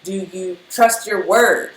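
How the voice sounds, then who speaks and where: A woman's voice: medium pitch, slow. Woman, spiritual reader, casual and emotional motivational talk; echoey room with faint noise. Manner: emotional, animated, speaks in rhythm with many fillers.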